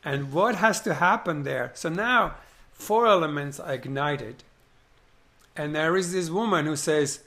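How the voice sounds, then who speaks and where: During a conversation, a man with a fairly high pitch and a slightly slow pace excitedly walks through a film scene. He is animated, acting out each part and throwing in plenty of rhetorical questions.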